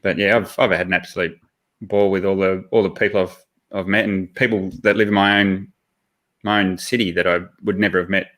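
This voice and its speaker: An Australian man with a lowish voice talks in a friendly, relaxed way on a live video call. He often stops and restarts his sentences. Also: fairly quick. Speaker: guest. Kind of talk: casual chat.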